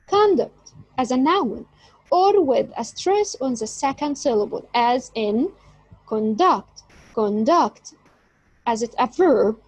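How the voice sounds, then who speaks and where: A woman teaches an English lesson in a high, very lively voice that swoops up and down as she stresses syllables. She talks slowly and emphatically. The sound is close and dry. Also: no echo, rough recording. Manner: slow, emphatic teaching delivery. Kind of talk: online lecture.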